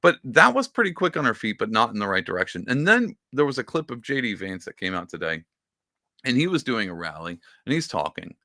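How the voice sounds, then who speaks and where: A man talks through his podcast in a loose, rambling way, with sarcastic asides. His voice is gravelly and bright, and it swings widely in pitch. The sound is dry and close. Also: big pitch swings, a little fast, no echo. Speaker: podcast host. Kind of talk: casual political commentary.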